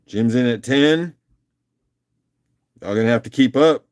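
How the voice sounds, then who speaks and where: A man's voice: medium pitch, a little slow, a little mellow, clear, resonant tone. Man, live-stream auction host, casual chat, upbeat and chatty, mid-range voice. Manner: upbeat, chatty, laughs often.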